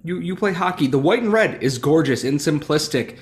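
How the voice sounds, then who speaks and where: A man with a fairly high voice that swings widely in pitch. He rants in a loose, joking way, exasperated and animated, like a co-host venting on a sports podcast. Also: fairly quick, hardly any pauses. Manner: animated, ranting, exasperated humor. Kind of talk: casual sports chat.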